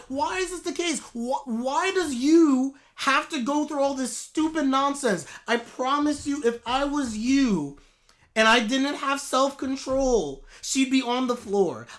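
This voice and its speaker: A man ranting in a live anime reaction, heated and exasperated, with sudden loud outbursts. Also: extremely high pitch.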